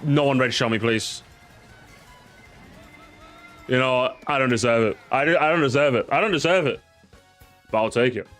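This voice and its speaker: A man's voice: medium pitch, normal speed, pauses often, a bit bright, soft background music. A man giving casual, jokey gameplay commentary, swearing and pleading with the game as he races. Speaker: gaming YouTuber.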